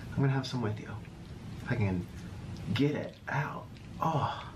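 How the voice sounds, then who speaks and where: A man's voice: mid-range voice, animated, unhurried, long pauses. A man chatting through an eating video, cooing and talking baby-talk to a pet. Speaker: mukbang eater. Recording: noisy clip played back.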